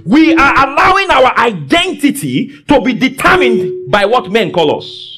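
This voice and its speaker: High-voiced, fervent male preacher. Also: sing-song, measured pace. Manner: fervent, bursts into shouts, quizzes the congregation. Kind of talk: sermon with call-and-response. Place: church service.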